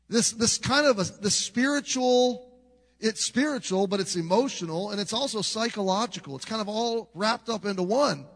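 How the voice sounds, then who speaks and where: Preaching in a large hall with long reverb, the middle-aged pastor tells a story in an earnest, conversational manner, restarting often. His high-pitched voice moves at a moderate pace with a fairly bright tone.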